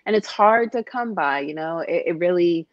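A woman talking about her husband in a casual chat, soft-spoken and hesitant, with many fillers. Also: fairly low pitch, animated, normal speed, no room sound, highs cut off. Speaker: host's wife.

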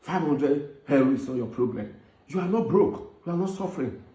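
A man's voice: fairly high pitch, expressive, moderate pace, mellow. A man with a Nigerian accent making earnest, pleading appeals for peace. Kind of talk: pleading commentary. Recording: echoey room.

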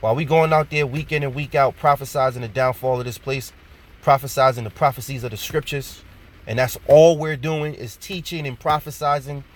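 A man giving an informal sermon. He reads scripture slowly, repeats his points and ends many phrases with "man". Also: medium pitch. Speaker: preacher.

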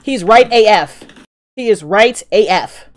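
A woman's voice: mid-range voice, lively intonation, measured pace. Profane woman reacting to a drama. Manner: profane, emphatic, talks back to the show. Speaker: reaction video host. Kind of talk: casual reaction commentary. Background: drama audio playing underneath.

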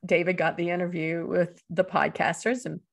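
A woman in her fifties from Eastern North Carolina, a guest telling stories in a casual, animated way and jumping up in pitch for the voices she quotes. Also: normal speed, creaky. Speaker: author and guest. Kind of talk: casual storytelling.

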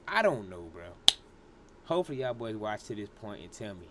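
A man's voice: lowish voice, big pitch swings, fairly quick, noisy background. A man hosting a casual reaction video, slangy, laughing often and talking straight to his viewers. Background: hip hop track playing faintly.

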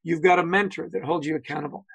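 A man's voice: on the high side, fairly even intonation, quick pace, gravelly, husky, no room sound, low-quality recording. A man speaking as a guest on a video-call webinar, telling anecdotes, acting out quotes and saying "you know" often. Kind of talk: conversational webinar talk.

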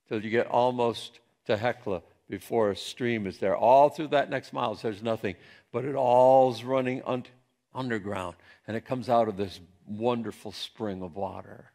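A male pastor delivers a sermon in a gravelly voice. He preaches slowly and emphatically and swings between hushed and raised passages. He is from central Pennsylvania. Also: mid-range voice.

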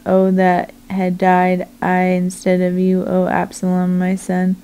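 A grieving aged king speaks in a slow, flat, mellow voice, as a woman reads his lines. The delivery stays level and unhurried, with almost no rise or fall in pitch. It is a plain scripture reading, with no acted voice. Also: smooth. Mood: mournful.

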